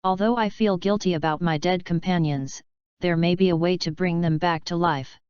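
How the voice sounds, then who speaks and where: A woman reading the lines of a weary young male martial artist who reassures his friends gently. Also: on the low side, normal speed, clean tone, no echo, dull audio, close to an everyday voice. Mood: reassuring.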